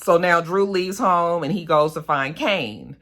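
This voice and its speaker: A woman casually recapping a TV episode, talking in an animated, salty way with lots of asides to viewers. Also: fairly low pitch, unhurried. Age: adult, a mother. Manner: animated, profane, chatty with frequent "you know" and "okay". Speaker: TV episode reviewer.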